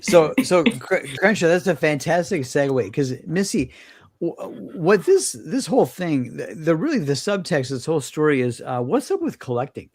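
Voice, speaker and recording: A man hosting a podcast in a dry, close-sounding recording with no room echo. He talks in a rambling way, with halting restarts, while leading the discussion. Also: fairly high pitch, sing-song, darkish tone. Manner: rambling, halting restarts, poses questions to guests. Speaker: podcast co-host. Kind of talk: casual chat.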